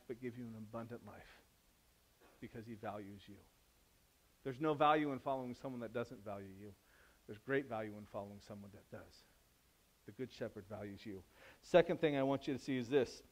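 A man preaching a sermon in a conversational way, climbing to loud, emphatic peaks and dropping to soft, low passages. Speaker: pastor.

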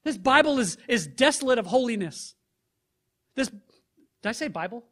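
A man preaching a sermon, reading scripture aloud and then pressing the listeners with rhetorical questions, rising loud and dropping soft. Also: very high-pitched, expressive, normal speed, pauses often. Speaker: pastor.

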